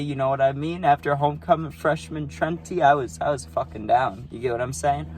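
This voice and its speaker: A man's voice: mid-range voice, normal speed. A young man telling a rambling, profane story in a casual vlog, recorded on his phone. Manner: rambling, profane, full of "you know what I mean". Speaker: vlogger.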